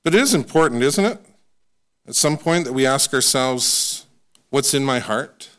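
A man preaching a sermon in a conversational, self-deprecating way, slowing down to stress scripture. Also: medium pitch, expressive, fairly bright tone, clear, resonant tone. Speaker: pastor.

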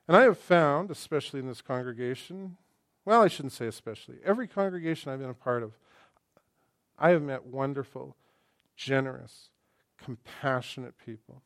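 Middle-aged guy preaching, acts out voices, gets loud then quiet, mid-pitched, dry mic. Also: vocal fry, dry recording. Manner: animated, acts out quoted voices, swings between loud and hushed. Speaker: pastor. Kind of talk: sermon.

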